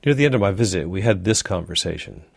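A male community radio reporter reading a scripted news piece in a measured, careful way. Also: low-pitched, animated, gravelly, husky, dry recording, clean studio sound. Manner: measured, reads slowly and carefully.

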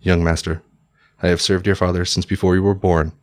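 A man's voice: low voice, level tone, brisk, no echo, natural voice. A man voicing an aging, steely male servant who speaks curtly and commandingly. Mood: stern. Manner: curt, commanding. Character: aging, steely male Italian retainer, stern.

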